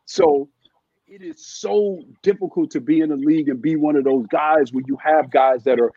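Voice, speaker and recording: A middle-aged man with a husky, slightly higher voice chats about basketball as a guest, stopping and restarting his sentences. The sound is dull and lo-fi, with a dry, close feel. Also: dark tone, dry recording. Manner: halting, with many restarts and fillers. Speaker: guest, former NBA scout. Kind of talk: casual podcast chat.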